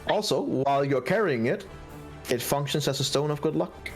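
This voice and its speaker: A man narrating as game master for a tabletop role-playing session, in a measured way with small slips. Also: on the high side, animated, faint music behind, rough recording.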